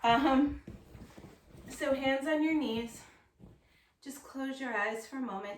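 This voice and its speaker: A woman teaching a yoga class, calmly and slowly cueing poses and breaths. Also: high-pitched, distant mic, slight background noise. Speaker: yoga instructor. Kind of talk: guided yoga class instruction. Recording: echoey room, voice set back from the mic.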